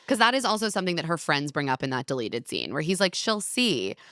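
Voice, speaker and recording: A woman's voice: deep voice, very animated, fast talker, pushed and bright, no room sound, studio quality. A woman co-hosting a podcast in casual chat, chiming in with reactions and reflective opinions. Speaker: podcast co-host.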